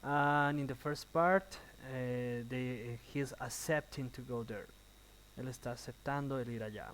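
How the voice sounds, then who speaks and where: A man teaching an English class, explaining slowly with uh and um between phrases and then translating quickly. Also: medium pitch, slight background noise, poor audio. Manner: thinking out loud with uh and um. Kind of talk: recorded online class, switching between English and Spanish.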